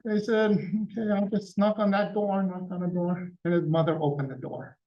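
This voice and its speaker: A man's voice: high voice, level tone, normal speed, distant mic. A middle-aged man giving a public talk, telling a family story in a conversational way and acting out the lines of the people in it. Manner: conversational storytelling, acting out quoted dialogue with his father. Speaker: guest speaker. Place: event hall. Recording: dull sound, speaker somewhat off mic.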